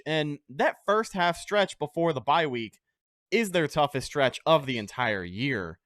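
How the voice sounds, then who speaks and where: A man's voice: on the high side, expressive, a little fast, fairly bright tone, no room sound, studio quality. A man hosting a casual sports podcast, talking with confident, brash energy and casual swearing. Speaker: podcast host.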